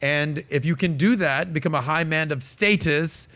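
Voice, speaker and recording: Male podcast host, slightly high voice, opinionated, casual and emphatic. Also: normal speed, pushed and bright. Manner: emphatic, opinionated, many fillers.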